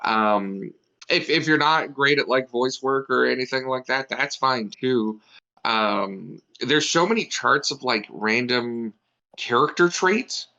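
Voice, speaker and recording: Bright-voiced rambling man on dull audio. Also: medium pitch, slow pace, vocal fry. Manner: rambling, lots of "like" and "you know". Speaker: guest, game master. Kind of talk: casual chat on a livestream.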